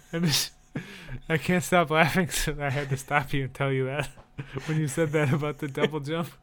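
Brief: male co-host with a smooth, clear voice, playful and quick to laugh. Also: a little high, fairly even intonation, a bit bright. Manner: teasing, laughs easily. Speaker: podcast co-host. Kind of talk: casual chat.

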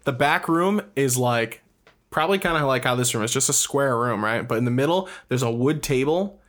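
A man's voice: medium pitch, moderate pace. Swearing man telling wild dream stories. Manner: animated storytelling with heavy swearing. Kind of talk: casual chat.

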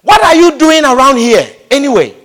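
A preacher acting out an angry scornful older brother. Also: male voice, very high-pitched, very animated, moderate pace, a bit bright, pitched above the performer's own voice, exaggerated voice. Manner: demanding, accusing. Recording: echoey hall reverb.

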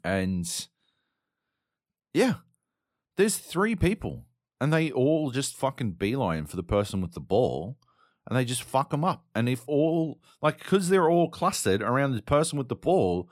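A man's voice: mid-range voice, very animated, unhurried, no room sound, clean studio sound. A man hosting a solo gaming podcast, ranting casually with lots of swearing and fillers. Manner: sweary, exasperated, rambling with many fillers. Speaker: podcast host. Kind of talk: casual solo podcast rant about games.

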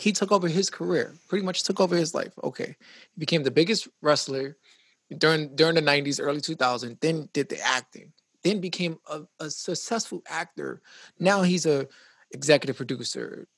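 Male host, chatty and reflective, gravelly husky voice. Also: fairly high pitch, dry recording. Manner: chatty, reflective, full of restarts. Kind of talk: casual conversation.

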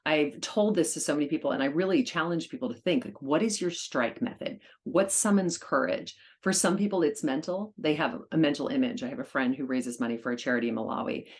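A woman guest on an interview podcast, a charity auctioneer talking in an upbeat, energetic way. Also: low-pitched, fairly quick, hardly any pauses. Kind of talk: casual conversational interview.

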